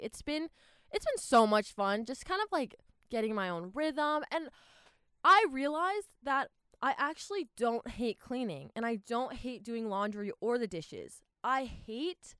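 Young woman vlogger, casual and chatty, smooth clear voice, dry close sound. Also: fairly high pitch, unhurried, no echo. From Southern California. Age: young adult. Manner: rambling, animated, lots of fillers and restarts.

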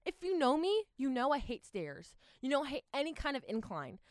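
A young woman from Southern California talking casually to her viewers in a rambling, animated vlog with lots of fillers and restarts. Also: sits high, fairly quick, no room sound, clean studio sound. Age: young adult. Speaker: vlogger.

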